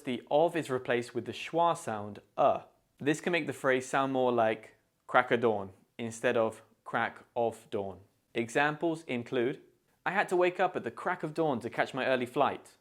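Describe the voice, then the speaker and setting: British man teaching idioms slowly and deliberately. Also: medium pitch. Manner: slow, deliberate modelling of pronunciation. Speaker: English teacher. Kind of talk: scripted language lesson.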